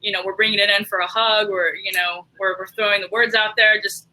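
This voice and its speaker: A panel host moderating a video-call discussion, speaking haltingly with many restarts and laughing along. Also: medium pitch, little pitch movement, bright, forceful tone, poor audio.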